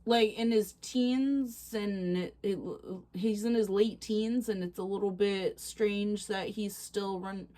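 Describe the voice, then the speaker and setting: A chatty, excitable woman casually reacting to posts on her vlog, quick to laugh. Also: medium pitch. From Canada. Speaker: reaction channel host.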